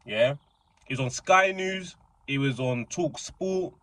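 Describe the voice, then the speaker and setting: A young man giving casual, excitable commentary, rambling with slang and frequent restarts. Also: medium pitch, takes it slowly. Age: young adult. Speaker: reaction channel host.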